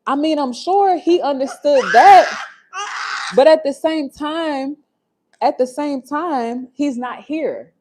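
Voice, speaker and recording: A woman's voice: sits high, slow pace, darkish tone. A woman hosting a livestream from her home, telling a personal story in a heartfelt, confessional way and talking straight to her viewers. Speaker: livestream host.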